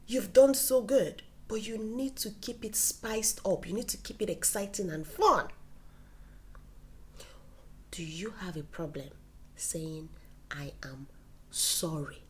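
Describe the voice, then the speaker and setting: A woman giving casual relationship advice to camera. She acts out quoted dialogue and drops into soft whispers for emphasis. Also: medium pitch, slow, long pauses, slight background noise.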